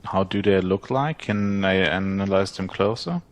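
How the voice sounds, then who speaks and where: A man's voice: deep voice, a little slow. A man playing a tabletop game, asking plain questions. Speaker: player. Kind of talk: casual tabletop play.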